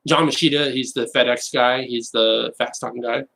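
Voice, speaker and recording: Husky Californian man joking on a live stream. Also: medium pitch, poor audio. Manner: animated, joking, bursts of rapid talk. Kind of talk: casual live-stream chat.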